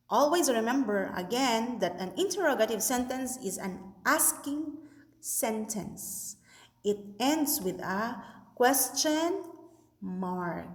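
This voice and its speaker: Slow, sing-song woman teaching young kids. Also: a little high. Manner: slow, sing-song teacher talk with many checks for understanding. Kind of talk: recorded online class lesson. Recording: echoey room with long reverb.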